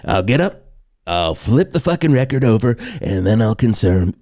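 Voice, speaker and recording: A man's voice: on the low side, sing-song, normal speed, mellow, no echo, studio quality. A man hosting a comedic morning radio show, stumbling over words and flustered.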